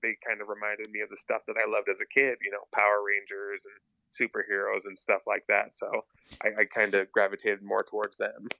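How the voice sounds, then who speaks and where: Low gravelly man, hesitant chat. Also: monotone, brisk, pushed and bright, no echo, lo-fi sound. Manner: hesitant, repeats words, many fillers. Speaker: podcast guest. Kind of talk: casual chat.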